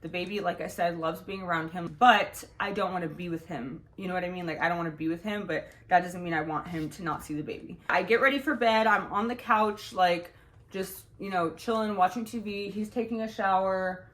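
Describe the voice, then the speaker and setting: A woman's voice: on the low side, fairly quick, fairly bright tone. A young woman telling a personal story to her viewers from home, in a frank, profane, rambling manner full of "like" fillers. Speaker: vlogger. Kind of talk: casual storytime monologue.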